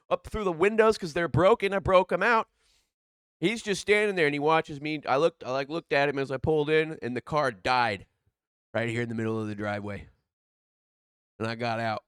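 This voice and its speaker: A man in his thirties telling a casual personal story, animated and profane, swinging between loud bursts and hushed asides. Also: mid-range voice, clear, resonant tone, no room sound, studio quality.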